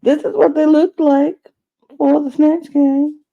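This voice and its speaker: A man's voice: very high voice, flat delivery, measured pace, creaky. A man co-hosting a podcast, chatting casually and rambling about a reality show with lots of fillers and restarts. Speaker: podcast co-host. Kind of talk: casual reality-TV recap chat. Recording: dull lo-fi podcast audio.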